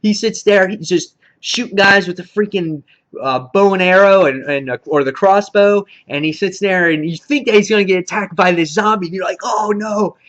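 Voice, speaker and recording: A man reviewing a TV episode in a casual, excitable recap, full of fillers and mild swearing. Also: high-pitched, normal speed, lo-fi sound. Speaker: TV show reviewer.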